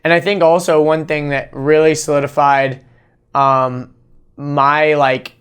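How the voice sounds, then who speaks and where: A young man hosting a podcast in casual chat, laid-back and slangy, animated when telling stories. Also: fairly high pitch, unhurried, clear, resonant tone. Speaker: podcast host.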